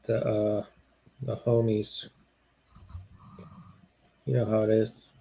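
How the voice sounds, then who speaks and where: A man's voice: fairly low pitch, level tone, slow pace, vocal fry, warm tone, slightly rough. Easygoing man hosting a sports podcast. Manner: easygoing, joking banter. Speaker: podcast host. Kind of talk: casual sports podcast chat. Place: live-streamed podcast.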